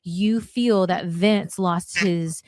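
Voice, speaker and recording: A woman's voice: lowish voice, steady tone, very slow, darkish tone, no echo, studio quality. A woman in her forties, a guest on a podcast, telling stories bluntly and acting out the lines she quotes. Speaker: podcast guest, former wrestler. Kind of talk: casual storytelling chat.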